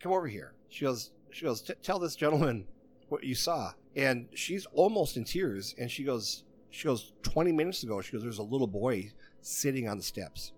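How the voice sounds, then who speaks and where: A man's voice: medium pitch, lively intonation, moderate pace. A man in casual chat, telling a long story in a rambling way and often stopping to quote what other people said. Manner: rambling, repeats "she goes" while quoting others.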